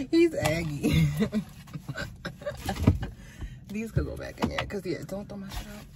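A woman hosting a casual prank vlog from a car, loud, giggly and excitable. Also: medium pitch, a little slow, very noisy. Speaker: vlogger host.

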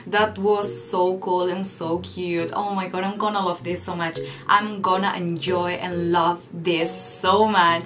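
A woman hosting a reaction vlog, gushing with enthusiasm and repeating herself as she chats casually to the camera. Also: lowish voice. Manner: gushing, enthusiastic fan talk with lots of repetition. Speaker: reaction vlogger.

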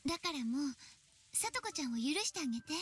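An actress voicing a gentle, kind schoolgirl who pleads softly and gets flustered in a visual novel. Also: high-pitched, sing-song, very fast, dry recording, soft background music. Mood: gentle pleading. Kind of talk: dubbed visual novel voice acting.

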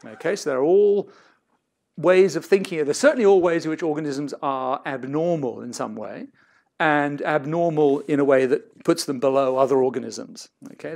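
A man's voice: on the high side, vocal fry, a little mellow. A middle-aged man giving an academic seminar talk, discursive and hedged, often breaking off mid-sentence to restart. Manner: discursive, self-interrupting, hedged. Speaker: seminar lecturer.

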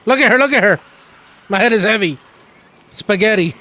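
Excitable high-voiced man gaming. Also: normal speed. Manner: excitable, swearing, laughing often. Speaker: gaming channel host. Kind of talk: casual gameplay commentary.

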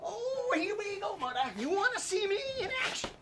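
A man's voice: extremely high pitch, big pitch swings, moderate pace, heavy background noise. A man doing a foul-mouthed cocky boxer. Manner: swearing, taunting, shouting. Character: foul-mouthed male boxer, young adult, cocky and aggressive.

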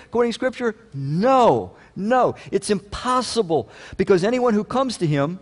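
A pastor preaching a sermon in a conversational way, growing loud and emphatic when he reads scripture. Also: high-pitched, big pitch swings, normal speed, few pauses, long reverb tail. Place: church sanctuary.

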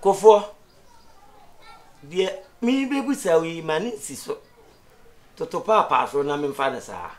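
Ghanaian comic-drama dad: lively, scolding, veers loud to low. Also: male voice, a little slow, long pauses. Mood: menacing. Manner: animated, swings from loud scolding to low muttering. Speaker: father in a comedy series. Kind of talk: Ghanaian TV comedy acting.

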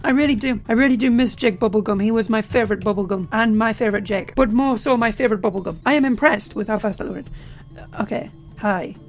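A young man with a sore, tired voice, chatting jokily as he plays a game and sometimes shouting. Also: high voice, fast, soft background music. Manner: chatty, jokey, bursts into shouting. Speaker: let's play host. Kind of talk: casual gameplay commentary.

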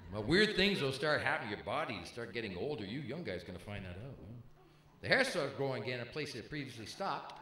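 A man's voice: mid-range voice, very animated, fast, bright, forceful tone. A middle-aged man doing brash, punchy stand-up comedy on a club stage, bantering with the crowd. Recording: echoey live room with faint ambience.

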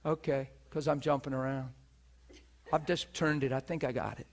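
A man preaching and telling a story in an animated way, with a handheld mic, acting out the people he talks about. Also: medium pitch, moderate pace. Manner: animated, acts out other people's voices. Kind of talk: storytelling sermon. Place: teaching hall before an audience.

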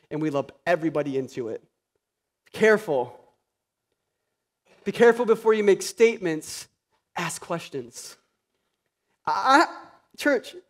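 A high-pitched male pastor preaches in a loose, conversational way. He drops into quiet asides, then climbs to loud, passionate peaks, with flashes of sarcastic humor. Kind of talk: sermon.

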